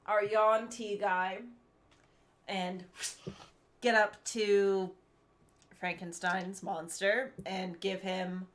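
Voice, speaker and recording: A woman playing in a tabletop game, excited and chatty. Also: medium pitch, extremely slow, pauses often, a little hiss or hum. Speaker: player.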